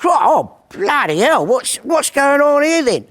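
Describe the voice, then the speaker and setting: A man doing a squeaky flustered little Englishman. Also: very animated, slow pace, fairly bright tone, heavily acted. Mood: indignant. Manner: squeaky, indignant.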